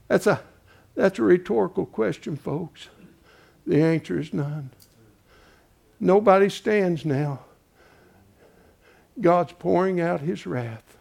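A man preaching a folksy sermon, swinging from hushed asides to shouting. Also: sits high, animated, takes it slowly, creaky, long pauses.

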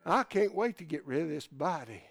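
Animated older preacher with folksy delivery. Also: male voice, on the high side, a little fast, creaky, dry recording. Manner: folksy, swings from hushed asides to loud shouts. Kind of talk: sermon.

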